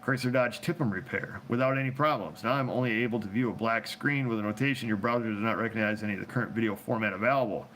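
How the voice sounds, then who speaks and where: Male host, low voice, loose and joking, takes viewer questions on a phone stream with faint noise behind. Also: fast talker, few pauses, a bit bright. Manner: rambling, joking, laughs often. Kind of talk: casual live chat.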